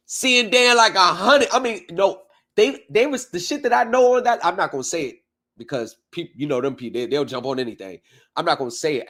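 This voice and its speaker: A man hosting a casual livestream chat, telling stories with lively, animated reactions and frequent swearing, heard over a remote video call. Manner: animated storyteller, acts out his reactions with big pitch jumps and swearing. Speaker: livestream host.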